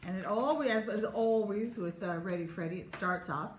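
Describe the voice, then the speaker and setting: A woman reading a children's chapter book aloud in an expressive, unhurried way. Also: medium pitch. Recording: echoey room, faint hum.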